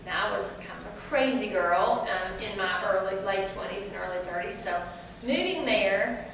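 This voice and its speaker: A woman's voice: mid-range voice, normal speed, vocal fry. A woman in her forties with a Southern US accent, telling chatty, laughing stories to a live audience. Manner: chatty, animated, laughing, addresses crowd as y'all. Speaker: author speaking to an audience. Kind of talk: storytelling talk to a live audience. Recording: echoey room, distant mic, noisy.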